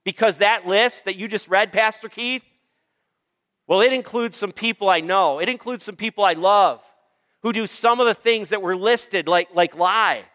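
A male pastor delivers an emphatic sermon with a high, bright and smooth voice. He draws out long repeated lists slowly and calls on the congregation for amens. The sound rings with a long church-hall reverb. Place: church sanctuary.

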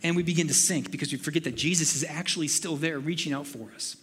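A man preaching with a high, light voice that rings through a reverberant hall. He speaks earnestly and piles up questions with growing urgency. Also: fast talker, fairly bright tone, husky. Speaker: pastor. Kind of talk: sermon.

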